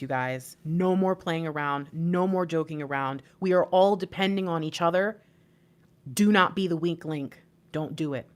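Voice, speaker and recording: A woman giving a spiritual reading and talking on her channel as an intuitive life coach, preaching emphatically with casual slang. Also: on the low side.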